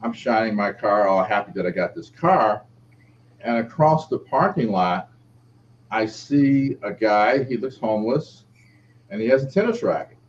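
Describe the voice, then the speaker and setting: A middle-aged man, an author being interviewed, telling a personal story and acting out the quoted voices. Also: measured pace. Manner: lively, acts out quoted speech with shifting pitch. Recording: dull lo-fi audio with faint background noise.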